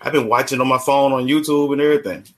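A man's voice: medium pitch, fairly even intonation, fast talker, a little hiss or hum. A man guest in a casual video-call chat, telling a story and laughing at himself.

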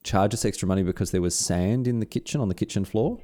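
A man in casual conversation as a podcast co-host, telling stories in an animated, jokey way. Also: on the low side, fast. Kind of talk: casual chat.

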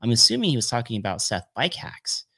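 A man's voice: mid-range voice, very animated, quick pace, creaky, a bit bright, breathy edge. A man hosting a live show, chatting with viewers and laughing often. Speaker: host.

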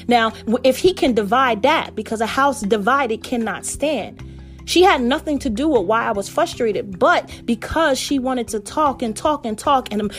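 Woman, devotional vlog talk, earnest, fairly high voice, faint music behind. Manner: earnest, addresses viewers as family. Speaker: faith vlogger.

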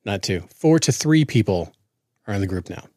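A man chatting on a podcast about being a dad, joking and drifting from topic to topic. His pitch sits in a middling range but swings around a lot as he talks. The sound is dry and close, with no room around it. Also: lively intonation, moderate pace, a little mellow, dry recording. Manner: joking, rambling off on tangents. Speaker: podcast co-host; father. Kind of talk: casual chat.

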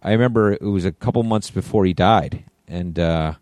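A middle-aged man co-hosting a podcast, telling lively anecdotes and acting out the voices of people he quotes. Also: sits low, normal speed, no room sound. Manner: animated anecdotes, acts out quoted voices, laughs often. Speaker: podcast co-host. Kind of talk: casual storytelling chat.

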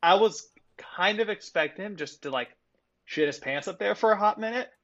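Animated man on lo-fi audio. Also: high voice, moderate pace. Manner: animated, swears freely, laughs between points. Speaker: podcast co-host. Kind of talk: casual sports chat.

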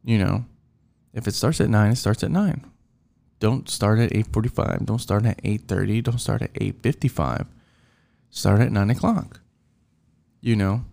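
Here a driver airs his frustration about coworkers in a casual, rambling rant packed with fillers and restarts. He talks at normal speed with long pauses, in a lowish, gravelly voice that's a little mellow.

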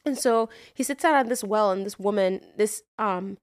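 A woman co-hosting a casual podcast, retelling a story with lively energy. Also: mid-range voice, normal speed, smooth, no echo, studio quality. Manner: animated storytelling, acts out voices in quotes. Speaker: podcast co-host. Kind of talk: casual chat.

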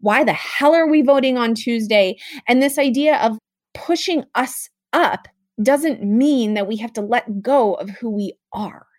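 Outspoken young woman from the United States, talking fast and animated with plenty of "like"s. Her voice is slightly high and sits close and dry, with no room sound around it. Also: dry recording. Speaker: guest. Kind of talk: casual conversation.

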